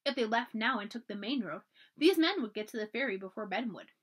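A woman librarian reading a children's storybook aloud, expressive and often dropping to a hush for the dramatic parts. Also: on the high side, brisk, slightly rough.

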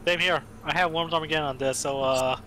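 Bright-voiced easygoing man. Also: fairly high pitch, fairly even intonation, fast, slight background noise, low-quality recording. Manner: easygoing, rambling with fillers. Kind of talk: casual gaming chat.

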